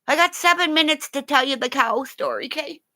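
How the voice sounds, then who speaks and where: An older woman with grandchildren, telling funny home stories in a casual, animated way, laughing often and swearing now and then. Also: high-pitched, brisk. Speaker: vlogger. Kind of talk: casual storytelling.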